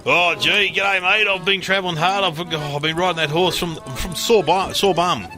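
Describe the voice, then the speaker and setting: A man voicing a weary male Australian traveller on horseback, loud and cheerful, with a broad Australian accent. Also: high voice, fairly even intonation, normal speed, over music, voice pushed up, close to an everyday voice. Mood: jolly.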